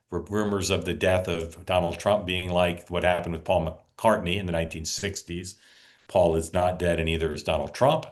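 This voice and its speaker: A man hosting a political talk show. He chats casually, plugs the upcoming programs and often restarts his sentences. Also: deep voice.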